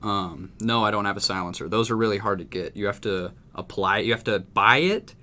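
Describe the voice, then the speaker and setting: A man's voice: fairly low pitch, brisk, sharp tone. A young man from Texas telling a story in casual chat, rambling and swearing freely. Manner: profane, rambling, laid-back. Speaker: music producer.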